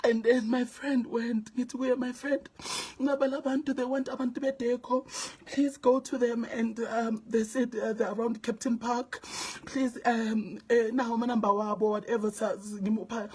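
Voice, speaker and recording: A woman's voice: a little high, little pitch movement, moderate pace, a little mellow, slightly rough. A distraught South African woman telling viewers a story, her voice tearful, dropping to whispers and rising to pleading. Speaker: vlogger.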